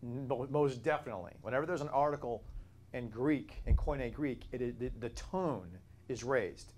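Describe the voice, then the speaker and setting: A man leads a Bible study, explaining with steady emphasis and taking questions from his students. His voice sits at an ordinary middle pitch. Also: normal speed, a little hiss or hum. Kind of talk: classroom Bible teaching.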